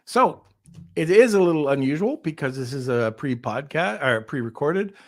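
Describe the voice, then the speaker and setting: A man's voice: fairly high pitch, lively intonation, moderate pace, no echo, clean studio sound. A man hosting a podcast, chatting casually and upbeat with lots of fillers over a remote call. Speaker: podcast host.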